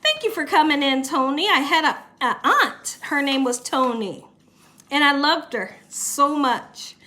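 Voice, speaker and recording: A woman's voice: high voice, expressive, unhurried, pushed and bright. A woman, chatting casually on a cooking livestream in her home kitchen, reading viewer comments aloud and laughing often. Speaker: cooking channel host.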